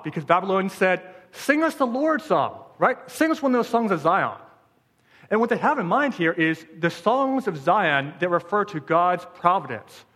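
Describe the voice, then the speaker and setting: A man's voice: high voice, fairly bright tone. Preaching man in a reverberant hall. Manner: rhetorical questions, repeats phrases for emphasis. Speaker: pastor. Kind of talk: sermon.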